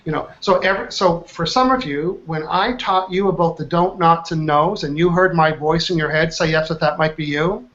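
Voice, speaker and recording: Energetic male trainer with a high voice, dull lo-fi call audio. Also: moderate pace, few pauses. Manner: energetic, quizzes the group with questions. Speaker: trainer, workshop host. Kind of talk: live online training session. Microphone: online video call.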